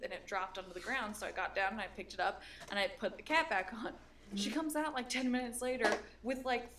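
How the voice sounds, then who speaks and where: A woman's voice: medium pitch, sharp tone, a little hiss or hum. A young woman co-hosting a podcast, telling a story in a rambling, casual way, laughing often and swearing freely. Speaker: podcast co-host.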